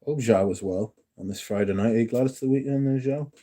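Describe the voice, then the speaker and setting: A young man with a warm, medium-pitched voice and slightly quick delivery hosts a casual live stream. He jokes around and reads messages aloud from the chat.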